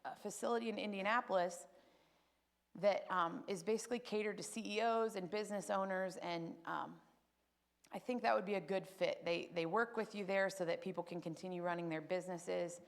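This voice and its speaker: A woman's voice: mid-range voice, fairly quick, vocal fry. A woman giving a spoken personal testimony at church, telling her story with feeling and acting out what others said. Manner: emotional, animated storytelling with acted quotes.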